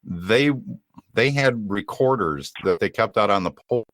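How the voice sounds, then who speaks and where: A man co-hosting a podcast, explaining things in casual chat in a measured way. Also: lowish voice, animated, fairly bright tone, dry recording. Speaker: podcast co-host.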